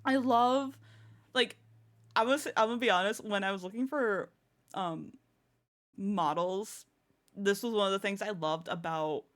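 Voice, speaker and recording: A woman's voice: mid-range voice, unhurried, pauses often, fairly bright tone. A young woman streamer chatting casually with her viewers, giggling often and gushing. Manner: giggly, laughs often and gushes. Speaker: streamer showing her new avatar. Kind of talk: casual live-stream chat.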